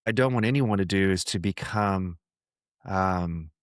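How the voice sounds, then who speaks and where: A man's voice: low-pitched, unhurried, dry recording, clean studio sound. A man hosting a podcast, talking about faith in an earnest, conversational way, often repeating himself and putting on voices to quote people. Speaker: podcast host. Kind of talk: reflective faith talk.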